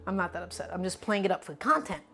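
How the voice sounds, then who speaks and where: A woman's voice: on the low side, lively intonation, fast talker, bright, forceful tone, soft background music. Playful mock-dramatic woman streamer. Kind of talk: live-stream cooking chat.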